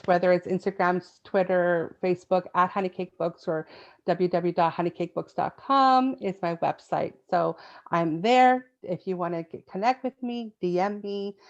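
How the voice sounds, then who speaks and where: A chatty woman with a fairly low voice, talking loosely as an interview guest and packing her sentences with fillers. Her sound is a little dull and lo-fi. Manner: chatty, many fillers, laughs often. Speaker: guest, children's book author. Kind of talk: casual interview chat.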